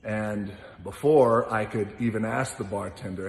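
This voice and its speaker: A man spins a casual, expressive anecdote, acting out the other people in it and swearing freely. His voice sits at an ordinary middle pitch. It rings through a large room with a long, trailing reverb. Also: unhurried, vocal fry, a little hiss or hum. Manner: lively storyteller who acts out other people's lines and swears freely. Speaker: guest telling a story. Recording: roomy hall with long reverb.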